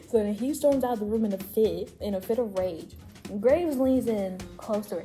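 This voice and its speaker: A woman hosting a casual chat, excitedly recapping a video game story with frequent laughter and swearing. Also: mid-range voice, a little fast, music in the background. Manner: animated, laughs often, profane. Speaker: host.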